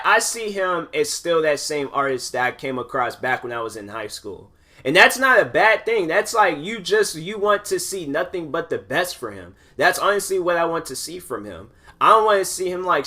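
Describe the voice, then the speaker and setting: A young man hosts his own podcast, talking in a loose, rambling monologue packed with fillers and restarts. His voice sits a little high and sounds bright and forward. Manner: rambling, filler-heavy talk with many restarts. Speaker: podcast host. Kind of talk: casual monologue.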